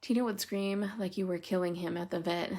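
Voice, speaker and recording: On a live stream, a woman colors while telling funny stories and chatting casually with viewers, replying to them by name. Her voice sits on the low side with a steady tone, a brisk pace, and a darkish quality, and she comes across as chatty and giggly.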